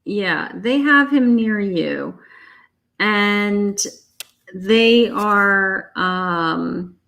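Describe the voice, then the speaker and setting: Slow, soothing woman reading tarot. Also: medium pitch, vocal fry, fairly bright tone. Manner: slow, soothing, reassuring, talks straight to the viewer. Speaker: psychic tarot reader. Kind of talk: live-stream tarot reading.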